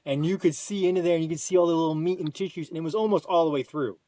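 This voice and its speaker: A man on a podcast tells a rambling personal story, restarting sentences and leaping up in pitch when he gets excited. His voice sits a bit high for a man. The sound is dry and close, with no room echo. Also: racing. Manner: animated, jumps to high excited quoted lines; frequent restarts and repetitions. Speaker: podcast guest. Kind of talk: casual storytelling.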